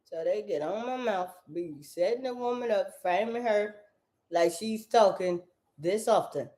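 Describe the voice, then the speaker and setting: A woman's voice: mid-range voice, a little slow. A woman ranting in a casual monologue, cursing freely and repeating her phrases over and over. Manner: animated, profane, repeats phrases, talks in circles.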